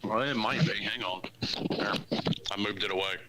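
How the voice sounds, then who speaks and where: Laid-back man, lowish voice, dry replies; clear rustling noise on his mic. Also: moderate pace. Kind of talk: casual chat.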